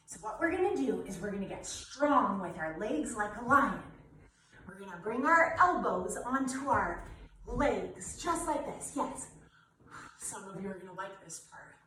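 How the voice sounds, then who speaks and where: A woman's voice: medium pitch, big pitch swings, moderate pace, bright, forceful tone, very echoey, distant mic, rough recording. A woman leading a children's yoga class, playful and encouraging, laughing often as she guides the kids. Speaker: kids' yoga teacher.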